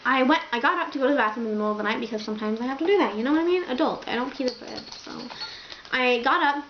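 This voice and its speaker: A young woman tells a casual storytime, rambling and full of "like" and "um". Her voice sits a little high, and the room rings with echo. The recording sounds a bit dull, with a faint hiss of ambience underneath. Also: racing. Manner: rambling, filler-heavy, lots of "like". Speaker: vlogger. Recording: echoey, slightly dull home recording.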